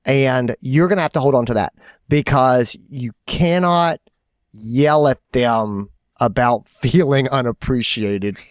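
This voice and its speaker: A man's voice: mid-range voice, takes it slowly, dry recording, clean studio sound. A middle-aged man co-hosting a podcast in casual chat, telling a story and acting out his own quotes with energy. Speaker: podcast co-host.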